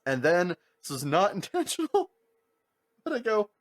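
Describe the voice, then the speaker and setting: A young man with a voice pitched a little high chats into a podcast mic. He tells his stories in a lively, profane way, packed with filler words, and acts out other people's lines in funny voices. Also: normal speed. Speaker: podcast co-host. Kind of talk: casual storytelling chat.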